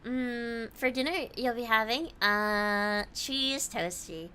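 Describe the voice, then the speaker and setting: Woman, game streamer, bright and forceful tone, slightly high voice, casual chat with viewers. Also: takes it slowly, smooth. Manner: chatty, reads viewer comments aloud and answers them. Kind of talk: casual chat while gaming.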